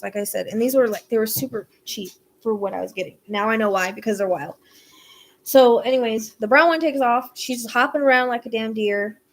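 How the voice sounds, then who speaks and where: A woman's voice: medium pitch, a little hiss or hum. A woman host telling a rambling, exasperated story in casual chat, swearing now and then. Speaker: psychic podcast host. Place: rural property with acreage.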